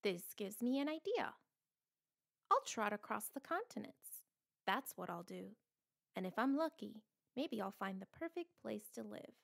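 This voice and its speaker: A woman voicing a curious, adventurous male dog in a children's storybook, speaking in a lively, exclaiming way. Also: mid-range voice, unhurried, creaky, exaggerated voice. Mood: thoughtful.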